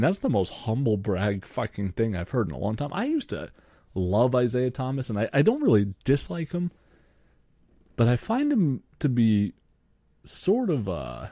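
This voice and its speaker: A man's voice: medium pitch, gravelly, mellow, no room sound, studio quality. A young man, co-hosting a podcast and ranting sarcastically about sports, swearing freely. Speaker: podcast co-host. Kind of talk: solo sports podcast rant.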